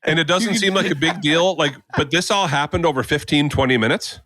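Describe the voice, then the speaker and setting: This podcast co-host has a fairly high voice and talks a little fast. He tells a long story in a casual way, animatedly acting out those he quotes.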